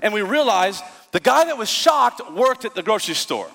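A male pastor preaching a sermon, telling stories in an animated way and acting out the voices of the people in them. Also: sits high, normal speed, vocal fry, big-room sound. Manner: storytelling, animated, acts out voices. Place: church.

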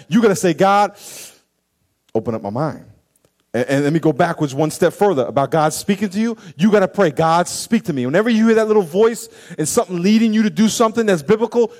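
Preacher guy, lively, acts out the stories, fairly high voice for a man. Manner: animated, acts out stories and quotes. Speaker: pastor. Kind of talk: sermon.

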